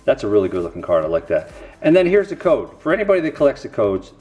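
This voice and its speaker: A man's voice: mid-range voice, huge pitch swings, fast talker, darkish tone, faint music behind. A middle-aged man rambling casually to camera while opening card packs, with self-mocking, folksy asides.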